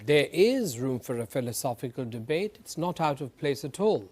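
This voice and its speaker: A man, a lawyer on a TV panel, making his case in deliberate, formal legal phrasing. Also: mid-range voice, big pitch swings, a little mellow. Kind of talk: panel debate argument.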